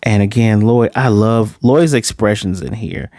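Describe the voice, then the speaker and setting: A man's voice: on the low side, measured pace, mellow, dry recording, clean studio sound. A man casually reviewing an anime episode, loose and rambling, with a few curse words. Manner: loose, rambling, profane, lots of fillers.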